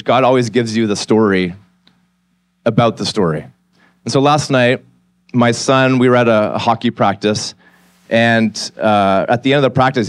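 Preaching from a church stage, a man in his forties speaks at a typical mid-range pitch. His sermon moves from a candid, conversational account of his story into an earnest appeal, and the audio is close and dry with minimal echo.

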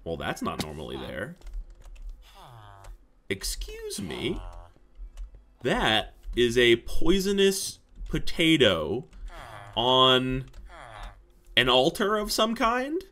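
Young male gaming commentator; excitable, jokey, bright voice, lively pitch. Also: very slow, pauses often. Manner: excitable and jokey, swears when surprised. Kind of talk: casual let's-play commentary.

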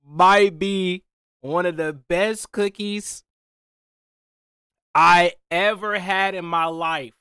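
A young man doing a casual taste-test vlog as a food reviewer, talking in slangy, excitable bursts, swearing and repeating himself. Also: high-pitched, very slow, pauses often, smooth.

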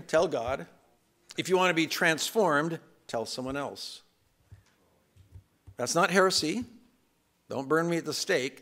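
A man pastor giving a conversational, self-deprecating sermon in a church, slipping into quick acted asides. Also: medium pitch, a bit bright. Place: church sanctuary.

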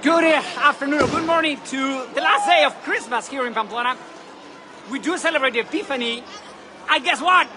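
A man, excitedly narrating a live vlog from a city balcony outdoors. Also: very high voice, normal speed. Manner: gushing, excitable, chatty. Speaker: travel vlogger. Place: city balcony outdoors over a parade street. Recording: loud crowd and street noise outdoors. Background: crowd cheering, church bells.

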